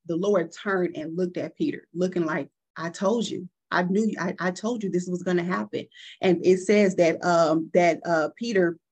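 A young adult woman giving a conversational sermon, earnest and personal, often checking in with the listeners by asking "right?". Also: on the low side. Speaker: guest preacher.

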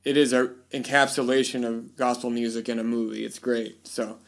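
A male podcast host at an average pitch, talking in a loose, rambling way. He restarts sentences often and slips into voices when he quotes people. It is an easygoing, casual conversation. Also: level tone, moderate pace, vocal fry. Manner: rambling storyteller, many fillers and restarts. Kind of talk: casual chat.

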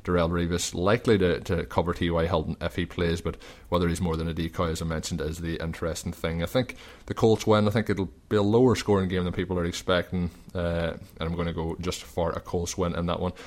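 A man's voice: low-pitched, steady tone, darkish tone. A man hosting a sports podcast, chatting casually through game picks with plenty of fillers. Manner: chatty, quick predictions with fillers. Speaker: podcast host. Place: recording while travelling.

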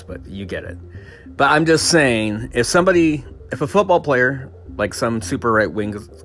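A man hosting a casual talk show who rants his opinions with lots of swearing. He stammers and restarts often, filling gaps with "um" and "like". His voice sits a little low, with faint music playing behind him. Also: a bit bright. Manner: profane, stammering restarts and fillers.

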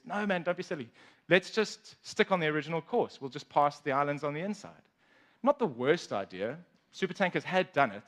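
Guy telling a story casually, kinda high voice, chatty asides to the listener. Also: a bit bright.

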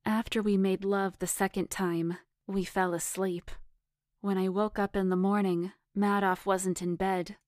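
A woman narrates a first-person erotic story in a measured, intimate way. Her delivery is unhurried, at an ordinary middle pitch. The recording is dry and close. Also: little pitch movement, darkish tone, no room sound. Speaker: story reader.

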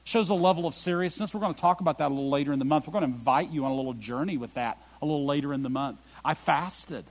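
A middle-aged man preaches as a pastor, talking fast with few pauses. He moves from loud emphatic bursts to quiet, low, reflective passages.

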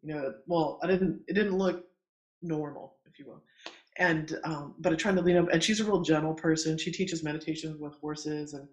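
Animated middle-aged man telling stories. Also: on the high side, moderate pace. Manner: animated, acts out quoted voices, laughs often. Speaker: midwife. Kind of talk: casual storytelling in conversation. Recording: roomy echo.

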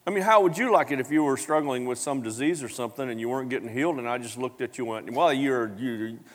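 A man preaching a sermon, telling the story with animated acted-out voices and big jumps in pitch, coughing now and then. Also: fast talker. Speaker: pastor. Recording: long hall reverb.

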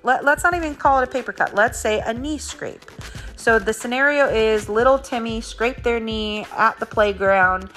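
A woman's voice: a little high, normal speed, fairly bright tone, faint music behind. A woman martial arts instructor explaining her academy's injury protocol in an earnest, step-by-step way, talking through scenarios.

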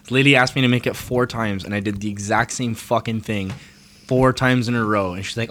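A man's voice: fairly low pitch, fairly even intonation, a little fast, fairly bright tone, slight background noise. A young man in casual chat who jokes and swears a lot while telling work stories. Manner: crude, joking, swears a lot. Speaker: co-host, barista.

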